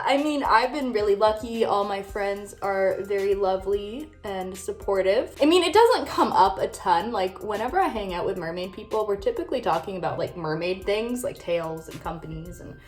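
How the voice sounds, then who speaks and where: A woman's voice: medium pitch, lively intonation, moderate pace, few pauses, echoey room. A young woman vlogging casually while doing her makeup, bubbly and chatty with lots of "like" fillers. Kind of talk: casual get-ready-with-me chat.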